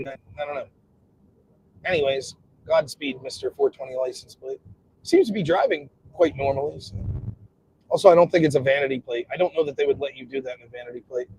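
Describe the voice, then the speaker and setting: A man's voice: on the high side, very animated, fairly quick, long pauses, darkish tone, soft background music, low-quality recording. A man in his forties live streaming from his car, talking casually with sarcasm, frequent swearing and bursts of ranting. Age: 40s. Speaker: streamer host. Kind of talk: casual live stream talk while driving. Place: car on the road.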